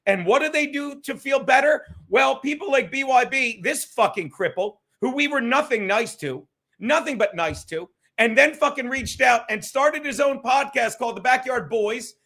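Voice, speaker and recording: High, bright-voiced ranting man. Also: expressive, normal speed. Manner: profane, combative, thanking viewers by name. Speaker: livestream host. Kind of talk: ranting livestream talk.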